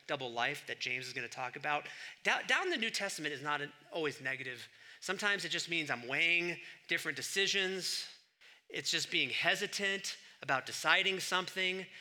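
A middle-aged man preaching a sermon, swinging between loud emphatic bursts and quiet asides. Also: on the high side. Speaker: pastor.

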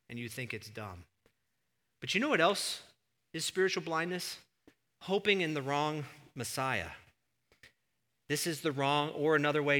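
Forceful bright-voiced preacher, church reverb. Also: male voice, medium pitch. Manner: animated storyteller, surges to emphatic near-shouts. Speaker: pastor. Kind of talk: sermon. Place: church sanctuary. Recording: long reverb of a church hall.

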